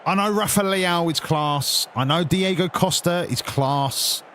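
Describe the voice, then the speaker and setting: A man's voice: on the high side, a little slow, a bit bright, a little hiss or hum. A man commentating on his own football game, swearing and ranting in exasperated outbursts. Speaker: gamer playing a football management game. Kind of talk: live gameplay commentary.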